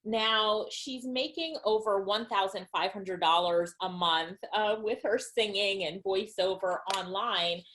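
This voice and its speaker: A woman's voice: medium pitch, a little slow, few pauses, a bit bright, slight background noise. A woman giving an upbeat, enthusiastic webinar talk as an online business trainer. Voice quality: upbeat and enthusiastic, laughs between points.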